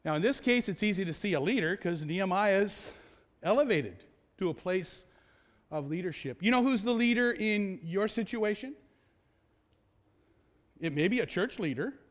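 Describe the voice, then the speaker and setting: Speaking in a high, expressive voice, a male pastor gives a sermon with a conversational feel. He asks rhetorical questions and draws out key words by slowing down.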